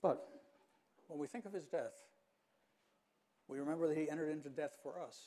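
Older male pastor, mellow earnest sermon. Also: a little high. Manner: earnest, measured preaching with emphatic pauses.

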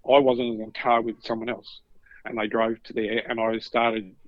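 Aussie guy in his 50s telling animated stories, muffled dry mic. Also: mid-range voice, moderate pace, dry recording. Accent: Australian. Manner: animated anecdotes, acting out voices. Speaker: podcast co-host, former paramedic. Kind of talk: casual storytelling chat. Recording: dull lo-fi dry sound.

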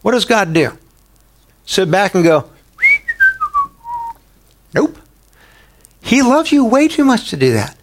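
A man preaching a sermon in a conversational way, asking the listeners rhetorical questions and rising sharply in pitch for emphasis. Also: sing-song, normal speed, heavy background noise. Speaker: pastor.

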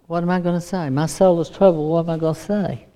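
A woman voicing Jesus as a troubled, burdened man, speaking softly and subdued. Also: fairly low pitch, normal speed, lightly acted.

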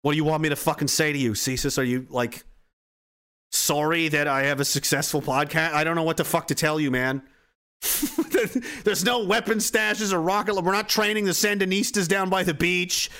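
A man's voice: fairly high pitch, moderate pace, pushed and bright. A man hosting a podcast livestream, ranting casually and profanely, reading chat messages and acting out quoted voices.

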